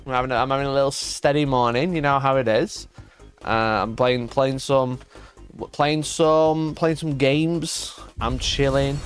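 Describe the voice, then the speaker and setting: A man hosting a casual live stream, rambling through a story and swearing freely. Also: mid-range voice. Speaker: streamer host. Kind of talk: casual livestream chat.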